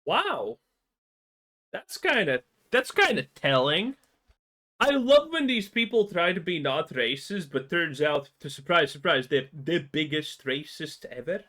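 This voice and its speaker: A man's voice: fairly high pitch, big pitch swings, unhurried, bright, forceful tone. A man giving mocking, sarcastic reaction commentary, stammering as he rants.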